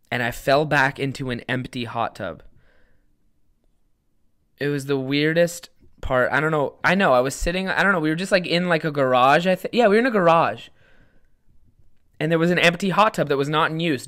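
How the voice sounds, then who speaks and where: Recording his podcast at home, a young man with a smooth, mid-range, fairly bright voice rambles through a party story. He swears a lot, laughs at himself, and drifts into tangents before finding his way back in this loose, self-mocking solo tale.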